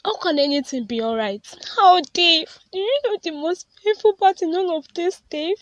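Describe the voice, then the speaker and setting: A woman's voice: very high voice, animated, normal speed, no echo, muffled recording. A woman voicing Susan, a grieving mother, in a cartoon, speaking tearfully. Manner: tearful, distraught.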